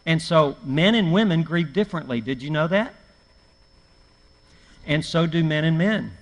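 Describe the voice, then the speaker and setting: A man's voice: fairly high pitch, expressive, moderate pace. A middle-aged man, a preacher, teaching a church class in a folksy, anecdotal way with self-mocking humor. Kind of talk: conversational church class talk. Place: church hall. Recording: long hall reverb from a live church stream.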